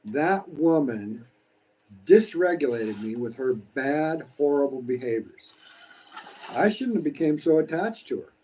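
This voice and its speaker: A man's voice: on the high side, animated, unhurried, dark tone, slight background noise, low-quality recording. Blunt, swearing man in his sixties. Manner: blunt, preachy, swears freely. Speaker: vlogger. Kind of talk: casual live-stream monologue while eating. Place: home in the Philippines.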